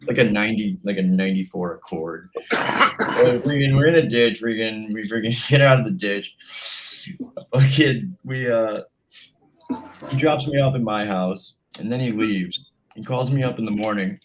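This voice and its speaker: A man's voice: fairly low pitch, normal speed, a little hiss or hum. A man in casual chat, telling an anecdote with heavy swearing and laughter. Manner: profane, laughing anecdote teller.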